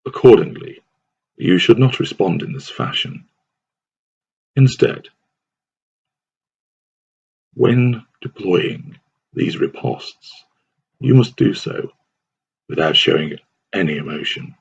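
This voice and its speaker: A man reading a scripted advice text aloud in a measured, deliberate way. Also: deep voice, expressive, creaky, slightly rough. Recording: dull lo-fi recording.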